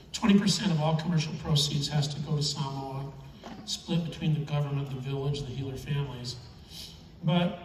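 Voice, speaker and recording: A man's voice: fairly high pitch, a little mellow, recorded from a distance, slight background noise. Chuckling man telling stories in a hall. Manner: chatty, chuckling, emotional storyteller. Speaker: keynote speaker. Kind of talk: storytelling speech on stage. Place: large event hall. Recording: echoey hall, mic heard from afar.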